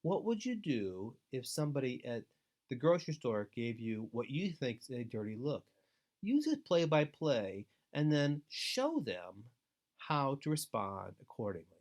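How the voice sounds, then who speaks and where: A man giving an instructional webinar talk to foster parents, earnest and deliberate, with steady advising emphasis. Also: medium pitch. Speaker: foster care trainer.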